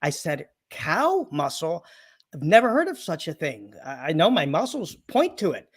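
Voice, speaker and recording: A chiropractor who also does comedy tells punchy, funny patient stories as an interview guest, imitating their voices and laughing often. His voice is a little high, sing-song, slightly rough, and brisk.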